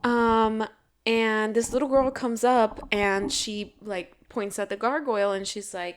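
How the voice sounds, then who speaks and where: A woman's voice: fairly high pitch, steady tone, measured pace, a little hiss or hum. Chatty woman retelling a book scene. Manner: enthusiastic, many fillers. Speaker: podcast co-host. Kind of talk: casual book chat.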